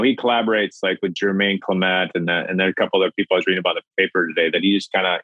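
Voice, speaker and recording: Lively storytelling man from Minnesota. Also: low voice, no room sound, highs cut off. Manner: lively, acts out voices, stammers on restarts. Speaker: guest, filmmaker and actor. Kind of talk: animated storytelling. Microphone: video call.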